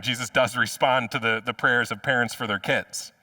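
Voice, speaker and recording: A man's voice: medium pitch, fairly even intonation, normal speed, pushed and bright, no room sound, recorded from a distance. A man preaching a sermon as pastor in a conversational way, often repeating words as he restarts a phrase. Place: church.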